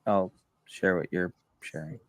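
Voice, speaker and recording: Slow, teasing podcast host, man. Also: deep voice, steady tone, no echo. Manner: teasing, laughs often, swears. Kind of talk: casual chat.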